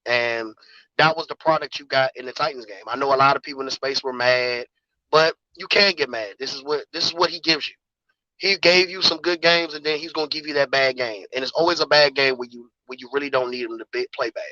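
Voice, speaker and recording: A man's voice: mid-range voice, brisk, pushed and bright, no echo, dull audio. A man calling in to a sports show, casual and earnest, building a critical argument. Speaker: caller. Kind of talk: casual sports call-in talk.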